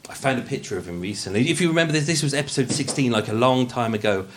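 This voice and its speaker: A Birmingham man hosts a true-crime podcast, narrating live with jokey asides and often stumbling and restarting. His mid-range voice is expressive and fairly bright, and he talks fast over slight background noise.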